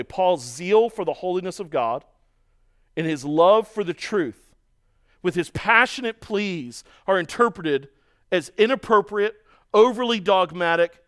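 A man preaching a sermon, telling stories in a lively way and acting out the voices of other people. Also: fairly high pitch. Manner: storytelling, animated, mimics voices in quotes. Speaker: pastor.

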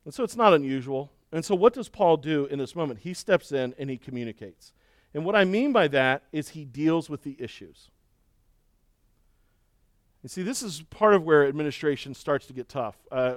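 A middle-aged man preaching a sermon and telling a story with lively, acted-out shouting and cheering. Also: medium pitch, fairly quick, no echo, clean studio sound. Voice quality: balding. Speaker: pastor.

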